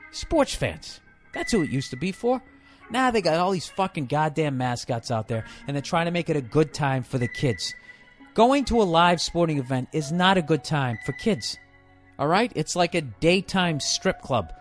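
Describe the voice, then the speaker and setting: Casting: male comic, voice a touch high, swearing constantly, sarcastic rant with faint music underneath. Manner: heavily profane, sarcastic ranting. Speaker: comedian podcaster. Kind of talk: comedic rant. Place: hot indoor room.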